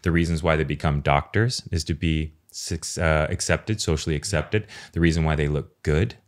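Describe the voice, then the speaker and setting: A man speaking as a podcast guest in a casual, earnest and expressive way, swearing now and then. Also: very deep voice, moderate pace. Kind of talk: casual conversation.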